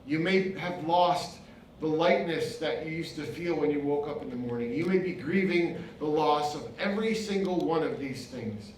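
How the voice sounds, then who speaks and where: A man's voice: fairly high pitch, moderate pace, a little hiss or hum. A man, a pastor and author, giving an impassioned inspirational speech with rhythmic repetition. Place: event venue. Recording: very echoey hall, mic far off.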